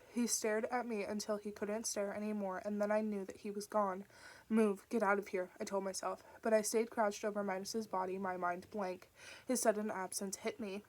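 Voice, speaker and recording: A woman reading an audiobook aloud, narrating in an even, steady manner. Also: medium pitch. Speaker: audiobook reader.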